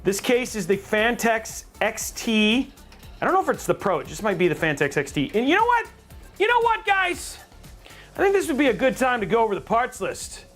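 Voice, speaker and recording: Animated man hosting a live build stream. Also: very high-pitched, moderate pace, soft background music. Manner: animated, jokey, chatting with viewers. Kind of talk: casual live-stream chat while building.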